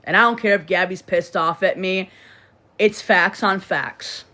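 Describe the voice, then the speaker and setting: A woman with a lowish, bright voice and a forceful tone speaks unhurriedly on a phone livestream. She's in bed in her bedroom, preaching and scolding her audience over and over.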